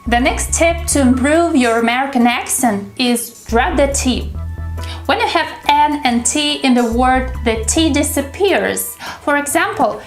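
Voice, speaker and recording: A woman's voice: high voice, expressive, echoey room, soft background music. A young woman with a Russian accent, teaching English pronunciation and carefully sounding out words for her viewers to repeat. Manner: slow, careful articulation of drill words. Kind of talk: pronunciation lesson.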